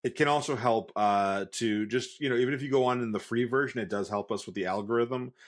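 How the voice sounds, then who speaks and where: A man co-hosting a casual podcast, laid-back and halting, with lots of fillers. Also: medium pitch. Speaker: podcast co-host. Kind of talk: casual chat.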